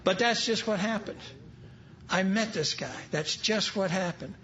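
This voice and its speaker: At a recovery meeting in a large event hall, an older New York man shares stories with the audience, peppered with wry, humorous asides. He speaks a little slowly in a high-pitched, sharp voice. Slight background noise sits in the dull, lo-fi live recording.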